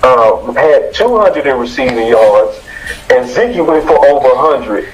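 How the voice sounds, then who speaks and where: A man co-hosting a sports talk show, reciting game stats in a deliberate way. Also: mid-range voice, animated, soft background music. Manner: stat-citing, deliberate. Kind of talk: casual sports chat. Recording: slightly dull lo-fi audio.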